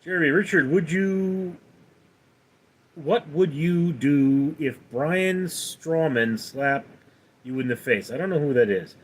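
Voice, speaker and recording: A man's voice: fairly high pitch, slow, breathy edge. A man hosting a casual livestream, reading viewer comments aloud and rambling with many fillers and restarts. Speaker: livestream host.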